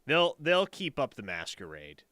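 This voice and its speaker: A man co-hosting a casual sports talk show, measured, with a dry teasing humor. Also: medium pitch, wildly swooping pitch, bright, forceful tone, no room sound. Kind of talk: casual sports radio chat.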